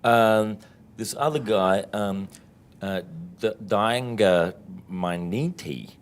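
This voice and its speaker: A man in his forties with a New Zealand accent, joking through a film interview in a deadpan, sarcastic way with sudden loud outbursts. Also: lowish voice, slow. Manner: deadpan sarcastic wit with sudden shouted bits. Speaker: film director being interviewed.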